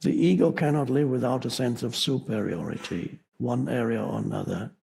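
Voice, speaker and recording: A man giving an unscripted spiritual talk to an audience, slow and reflective, with pauses and self-corrections. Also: mid-range voice, creaky, darkish tone, a little hiss or hum. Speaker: spiritual teacher.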